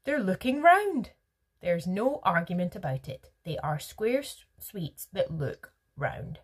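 A woman voicing an eccentric, excitable male chocolate maker in a storybook reading, brisk and rude with the other characters. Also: lowish voice, slightly rough, full character voice. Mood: excited. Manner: quick-witted, brisk and rude. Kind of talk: storybook read-aloud.

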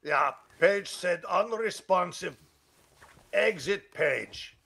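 A man's voice: high-pitched, lively intonation, takes it slowly, creaky, bright, forceful tone, slightly rough. A man, a voice actor on a livestream fan Q&A over a video call, tossing out short dry quips and blunt advice. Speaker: voice actor answering fan questions. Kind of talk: casual livestream Q&A.

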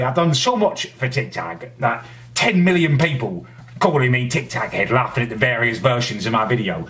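An indignant man rants straight to camera in a comedic vlog. His voice is bright and forceful, and his pitch swings widely as he works himself up. He peppers his complaints with mild swearing. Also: a little hiss or hum. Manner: indignant, ranting, swears often. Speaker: vlogger host.

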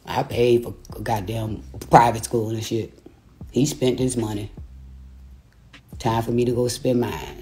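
A woman's voice: extremely low pitch, animated, moderate pace, warm tone, slight background noise. A woman on a phone livestream from home, delivering a taunting, profane rant and laughing between her insults. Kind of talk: profane live-stream rant. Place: home, a rented house.

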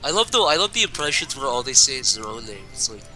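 A man's voice: mid-range voice, very animated, fast, sharp tone, soft background music. A man chatting casually on a game stream, crude and joking, often jumping into goofy voices. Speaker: streamer, co-host.

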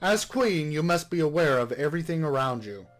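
A man voicing a widowed royal father giving measured, lecturing advice to his daughter. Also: a little high, animated, faint music behind, natural voice. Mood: stern. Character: stern royal father, widowed noble lord.

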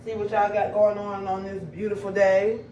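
Filmed on a camera mic at home and in the backyard, this vlogger chats directly to her viewers in a medium-pitched, level, darkish voice at a moderate pace. The highs are cut off, with slight background noise and a distant, roomy echo.

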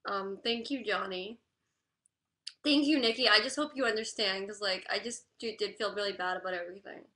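Crying woman on a livestream, bright voice, stumbles over her words and says "like" constantly. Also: medium pitch. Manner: halting, apologetic, heavy "like" fillers. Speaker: livestreamer reading chat. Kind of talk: live stream chat.

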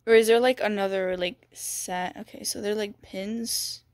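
A young woman giving excited game walkthrough commentary, gushing and gasping and repeating "dude" and "bro". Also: mid-range voice, unhurried, no echo, studio quality. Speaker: gaming video creator.

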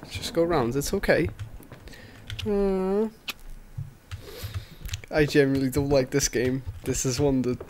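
A man's voice: medium pitch, brisk, hardly any pauses, darkish tone, a little hiss or hum. A man giving jumpy, swear-heavy commentary while playing a horror game. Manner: jumpy, swears a lot, nervous exclamations. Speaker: gaming youtuber. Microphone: headset or desk mic, noise-cancelling headphones.

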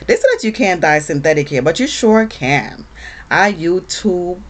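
Animated woman, low-ish voice, chatty beauty vlog talk. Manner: animated, lively, with lots of fillers. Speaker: beauty vlogger. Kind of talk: casual chatty storytelling to camera.

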